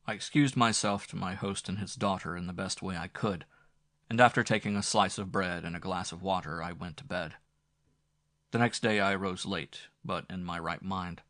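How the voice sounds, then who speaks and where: A man reading a Victorian ghost story aloud in a measured, dramatic manner. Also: deep voice, a bit bright, dry recording, studio quality. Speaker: narrator.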